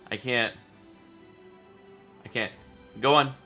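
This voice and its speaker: A man playing in a tabletop game, talking in a halting, hesitant way. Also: mid-range voice, steady tone, pushed and bright, soft background music. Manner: hesitant, halting, self-correcting. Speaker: player. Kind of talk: casual play chat.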